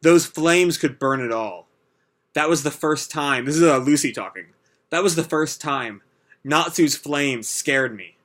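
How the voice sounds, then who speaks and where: A man voicing an anxious, excitable young woman heroine from a manga, with a much higher, breathless voice. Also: measured pace. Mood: excited.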